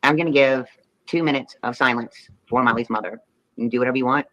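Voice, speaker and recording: A woman's voice: very deep voice, fast, fairly bright tone, low-quality recording. A woman livestreamer talking casually, rambling through an earnest apology.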